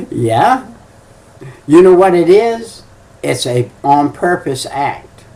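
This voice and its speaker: A man's voice: fairly high pitch, sing-song, extremely slow, pauses often, mellow, recorded from a distance. An older man preaching a folksy sermon, telling stories with emphatic, chuckling delivery.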